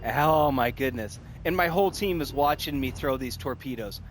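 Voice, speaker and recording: A man hosting a gaming video in casual commentary, thinking aloud and breaking into repeated excited exclamations. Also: mid-range voice, moderate pace, few pauses. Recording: faint music behind the voice.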